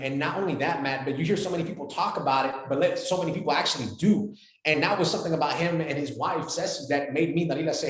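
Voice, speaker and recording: A man in his forties, a podcast guest talking in an animated, emphatic way and repeating phrases for weight. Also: on the high side, fast, few pauses, roomy sound.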